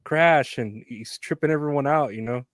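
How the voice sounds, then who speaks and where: A man's voice: mid-range voice, a little mellow, dry recording, clean studio sound. Laid-back man chuckling through a recap. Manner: laid-back, laughs often, halting restarts. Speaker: podcast co-host. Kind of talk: casual chat recapping a film.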